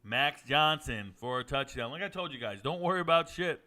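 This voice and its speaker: A man from Georgia hosting a live sports watch party, chatting and joking with viewers and reacting loudly to plays. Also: on the high side, normal speed. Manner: joking banter with chat, excited outbursts. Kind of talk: casual live-stream commentary.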